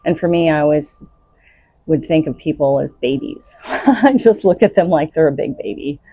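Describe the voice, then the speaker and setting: A woman's voice: low-pitched, lively intonation, moderate pace, dark tone, husky, no room sound. A woman hosting her own podcast, giving unscripted spiritual self-help talk in an earnest, coaching way. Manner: earnest, coaching, laughs between thoughts. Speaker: podcast host.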